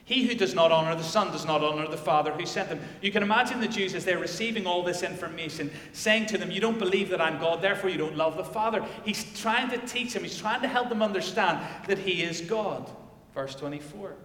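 A male pastor delivering a sermon and reading scripture, swinging from loud declarations to hushed emphasis. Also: high-pitched, a little fast. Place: church. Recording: echoey church hall.

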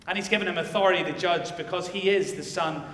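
A male pastor delivering a sermon and reading scripture, swinging from loud declarations to hushed emphasis. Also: high voice, fairly even intonation, fast talker. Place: church. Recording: echoey church hall.

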